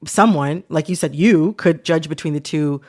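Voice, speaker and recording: A woman's voice: deep voice, moderate pace, a little mellow. A woman hosting a podcast interview, chatty and casual, peppering her talk with "like" and "you know". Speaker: podcast host. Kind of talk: conversational interview.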